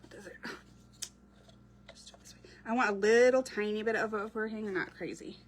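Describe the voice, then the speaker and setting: A woman's voice: mid-range voice, brisk. Woman, casual crafting chatter, talks to viewers mid-project, faint clicks and noise behind. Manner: chatty, reads out and answers viewer comments while working. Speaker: craft creator. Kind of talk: casual crafting livestream chat.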